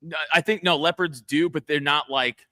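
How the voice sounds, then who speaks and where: A young man co-hosting a podcast, chatting casually and telling stories in an animated, profane way. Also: a little high, moderate pace, dry recording, clean studio sound. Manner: animated, profane, tells stories with quoted voices. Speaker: podcast co-host.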